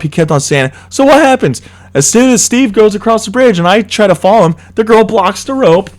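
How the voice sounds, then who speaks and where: A young man co-hosting a casual chat, excitedly retelling a scary trip with lots of swearing. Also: sits high, fairly quick. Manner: excited, swears a lot, animated storytelling. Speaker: co-host.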